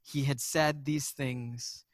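A man preaching a sermon, earnest and storytelling, dropping soft and slow then rising loud and urgent, often repeating words as he restarts. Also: medium pitch, fairly even intonation, dry recording, clean studio sound. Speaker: pastor.

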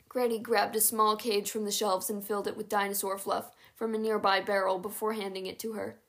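A woman narrating a chapter book aloud in a steady, even read-aloud manner. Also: mid-range voice, fairly quick, hardly any pauses. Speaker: audiobook narrator.

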